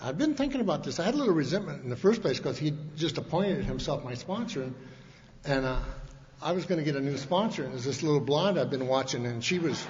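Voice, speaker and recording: A middle-aged man from Montana, USA, speaking at a recovery convention in a large hall, tells his recovery story to the audience in a folksy, rambling way, constantly restarting and using colloquial grammar. His voice is fairly high, animated, fast and a little mellow. The dull, lo-fi archival tape carries faint hiss and long hall reverb.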